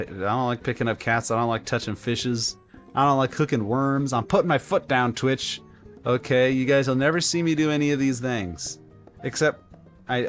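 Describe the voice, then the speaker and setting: A man live-streaming a game, telling a rambling story in an animated, casual way with lots of filler words. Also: medium pitch. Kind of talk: live-stream gameplay chat.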